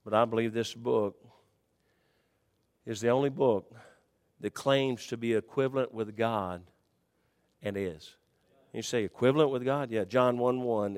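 A man gives a folksy, chatty sermon, his voice falling to soft murmurs and then rising into high shouts. Each phrase trails off into a long reverb tail.

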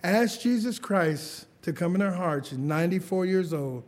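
Guy preaching his testimony in church, kinda high voice, chuckles a lot, asks for amens. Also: moderate pace. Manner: lively storytelling, chuckles often, calls for amens. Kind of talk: sermon testimony.

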